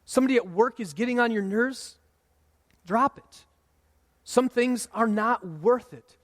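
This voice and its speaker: A man in his thirties preaching a sermon in a relaxed, conversational way, sometimes acting out what people say. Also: extremely high pitch, moderate pace. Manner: conversational preaching, acts out quoted voices. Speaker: pastor. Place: church sanctuary. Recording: long hall reverb.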